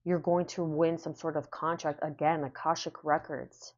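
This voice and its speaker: Woman tarot reader, deep voice, soothing repeated affirmations, slightly muffled recording. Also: level tone, normal speed. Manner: repeats phrases, soothing and affirming, laughs to herself. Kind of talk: casual spoken tarot reading.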